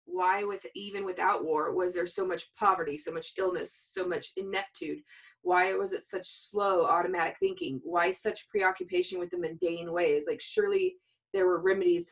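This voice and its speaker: Lower-voiced woman retelling a story. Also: normal speed. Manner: animated storyteller, acting out quoted dialogue. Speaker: podcast co-host discussing a book. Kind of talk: casual chat, retelling a story.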